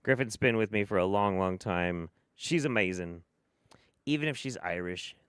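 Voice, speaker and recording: A man's voice: fairly low pitch, moderate pace, fairly bright tone, smooth, no echo, clean studio sound. An American man hosting a stream, reacting to clips with sarcastic, profane, mocking commentary. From United States. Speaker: host.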